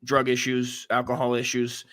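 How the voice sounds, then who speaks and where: A man co-hosting a comedy podcast, telling a rambling story with restarts and lively quoted voices. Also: medium pitch, moderate pace. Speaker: podcast co-host.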